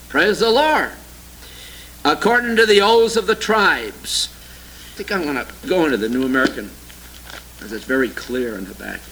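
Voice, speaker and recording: A man preaching a sermon and reading scripture aloud, sarcastic and mocking toward views he rejects, swinging between loud exclamations and low, quiet asides. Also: poor audio.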